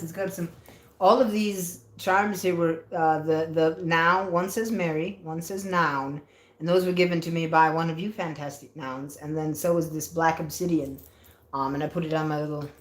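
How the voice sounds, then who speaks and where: A woman chatting casually on a livestream, reading viewer comments aloud and answering them playfully. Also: on the low side. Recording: roomy echo.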